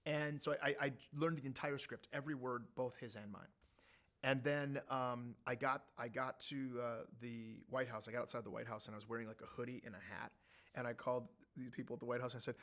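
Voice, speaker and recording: A man telling an animated story as an interview guest, acting out what others said. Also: mid-range voice, fast talker. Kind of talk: conversational anecdote telling.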